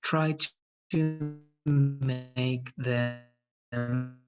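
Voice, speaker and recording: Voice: mid-range voice, steady tone, extremely slow, dull audio, loud music behind the voice. An English teacher running an online lesson, patiently correcting students' pronunciation. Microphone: video call.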